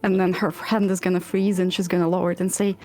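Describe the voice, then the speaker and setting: A woman's voice: fairly low pitch, little pitch movement, quick pace, darkish tone, soft background music. A woman playing a tabletop game, casually describing her character's actions. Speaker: player.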